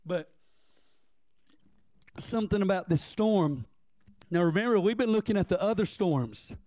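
A man preaching a folksy sermon, slowing down for emphatic lines and rushing through asides. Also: high-pitched, animated, dark tone, no echo. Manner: folksy preaching with Southern phrasing, swings from slow emphatic lines to quick asides. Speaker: pastor.

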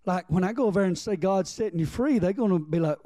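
A man's voice: sits high, expressive, fast, warm tone, dry recording. A man preaching a sermon as pastor, reading scripture and calling on the congregation to respond.

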